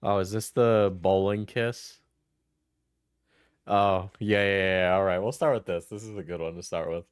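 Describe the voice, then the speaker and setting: A man's voice: low voice, fairly even intonation, normal speed, clear, resonant tone, dry recording, studio quality. Rambling, chuckling guy streamer. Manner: rambling, laughs often, trails off. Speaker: streamer reacting to clips. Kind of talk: casual chat.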